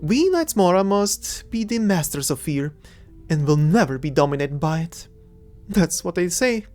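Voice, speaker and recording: A woman with a lowish, slightly mellow voice plays a cocky young adventurer-thief in a fan-made audio drama, faint music beneath her. She's very animated at a moderate pace, her pitch swinging widely as she teases and mocks, laughing often in a playful, mocking way.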